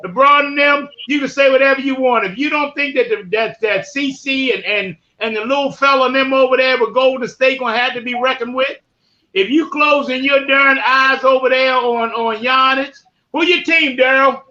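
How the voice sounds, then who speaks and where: A man hosting a live sports-talk podcast, loud and boisterous, trash-talking teams. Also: very high-pitched, moderate pace, lo-fi sound. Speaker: podcast host.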